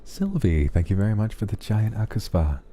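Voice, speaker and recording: A man streamer reading out viewer donation messages in a sleepy ASMR style, soft, affectionate and relaxed, close to the microphone. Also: on the low side, fairly quick, soft background music.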